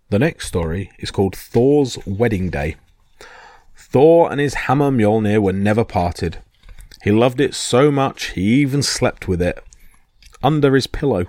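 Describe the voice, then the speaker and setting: Low-voiced man narrating myths. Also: animated, unhurried, darkish tone, no room sound, clean studio sound. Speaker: podcast storyteller. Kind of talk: scripted story narration.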